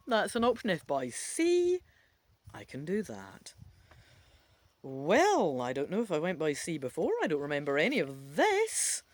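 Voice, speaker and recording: A woman reading an interactive adventure book aloud, adding playful, chatty asides to the listener. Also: fairly low pitch.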